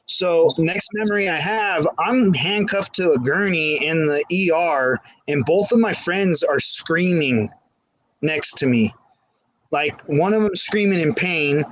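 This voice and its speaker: A man tells a long personal story in a candid, rambling way, starting phrases over and over. His voice sits a little high. The sound is dry and close, with no room echo. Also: normal speed. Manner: candid, rambling, frequent restarts. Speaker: guest. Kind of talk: casual storytelling. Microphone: phone.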